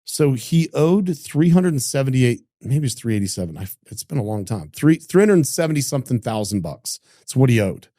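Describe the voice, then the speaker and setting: A middle-aged man from Idaho, a business founder telling a story in casual conversation, acting out what people said, with lots of quick restarts. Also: mid-range voice, no room sound, studio quality. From Idaho, United States. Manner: animated, acts out quoted dialogue, frequent restarts. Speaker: entrepreneur guest.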